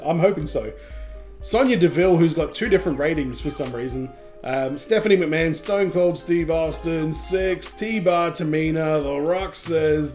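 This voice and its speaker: A man hosts a casual reaction video, reading a long list of names and dropping quick comments as he goes. His voice sits a little high for a man. Soft music plays faintly behind him. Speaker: gaming channel host.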